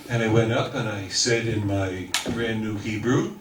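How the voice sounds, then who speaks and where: An older man tells a funny story in a slow, unhurried way, putting on the voices of the people in it. He is recorded from far off in an echoey room. Room noise and audience laughter are clearly heard behind him. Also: fairly low pitch. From New York. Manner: wry storyteller, mimics voices in quotes. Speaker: speaker telling stories. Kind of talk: humorous anecdote for a live audience. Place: talk hall with audience.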